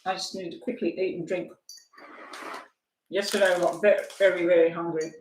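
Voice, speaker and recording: A woman's voice: on the low side, level tone, brisk, a little mellow, echoey room, a little hiss or hum, low-quality recording. An older woman giving a chatty, rambling live-stream tarot reading, at times talking while she eats. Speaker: tarot reader.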